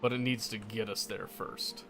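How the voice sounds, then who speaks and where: A man's voice: on the low side, fairly even intonation, moderate pace, over music. A man casually commenting on his own gameplay, muttering to himself and correcting his mistakes as he goes. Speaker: gameplay streamer.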